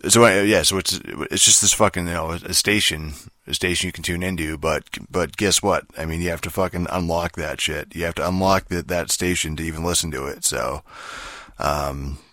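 Deep-voiced man ranting, swearing constantly. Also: fairly even intonation, fairly quick, pushed and bright, dry recording, clean studio sound. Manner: profane, rambling, frustrated, heavy filler words. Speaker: podcast host. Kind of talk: casual ranting game review.

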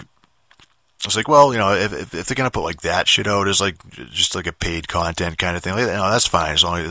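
Low-pitched and bright with a forceful edge, a man who podcasts delivers a profane, rambling monologue full of restarts and fillers. There's no room sound in the clip.

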